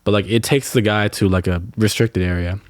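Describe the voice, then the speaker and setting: A man's voice: on the low side, fairly even intonation, fairly quick, no room sound. A young man, a podcast co-host, ranting in casual chat with lots of swearing and filler words. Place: Los Angeles area.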